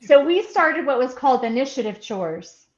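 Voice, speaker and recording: A woman's voice: high voice, very animated, moderate pace. A middle-aged woman, a podcast co-host, chatting casually and laughing often as she tells stories. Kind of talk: casual chat. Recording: roomy, muffled sound.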